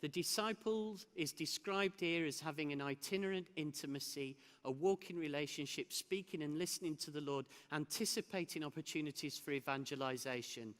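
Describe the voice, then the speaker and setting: A man's voice: on the high side, fairly quick, few pauses, fairly bright tone. A man giving a conference keynote, telling a personal story with laughs and restarts. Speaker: keynote speaker. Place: large hall. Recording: hall with long reverb.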